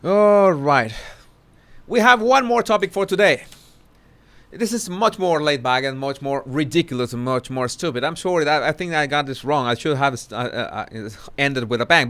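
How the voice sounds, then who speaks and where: Guy doing a live commentary stream, kinda high voice, stumbles and restarts a lot. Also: a bit bright. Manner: halting, many restarts and self-corrections. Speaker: social commentary host.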